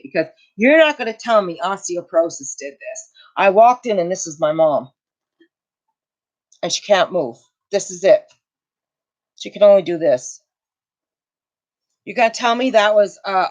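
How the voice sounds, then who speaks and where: A middle-aged woman hosting a casual livestream, telling a family story with emotion and indignation and answering viewer comments. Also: medium pitch. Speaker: channel host. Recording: dull lo-fi home recording.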